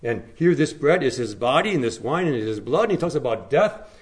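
A man preaching a sermon, telling the story by rising to emphatic phrases and then dropping to hushed, low lines. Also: sing-song, brisk.

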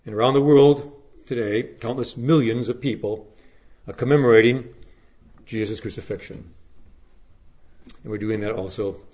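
A man preaching a Good Friday sermon, reading scripture aloud, then preaching in an earnest, measured way with dramatic rises and hushed drops. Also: mid-range voice, fairly even intonation. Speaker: pastor.

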